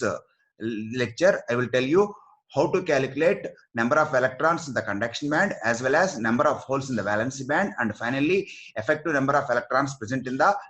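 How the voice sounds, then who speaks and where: A man's voice: medium pitch, fairly bright tone. A man giving a recorded physics lecture, explaining step by step and reading out formulas.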